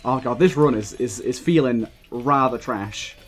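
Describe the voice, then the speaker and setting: A man's voice: medium pitch, a little slow, soft background music. A young man giving live gameplay commentary, ranting heatedly and swearing often as he plays. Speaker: gaming video creator.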